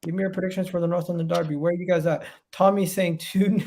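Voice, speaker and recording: Male host, high voice with gravel, lively football banter. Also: brisk. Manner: animated, reads out chat predictions. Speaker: podcast host. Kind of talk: casual football chat.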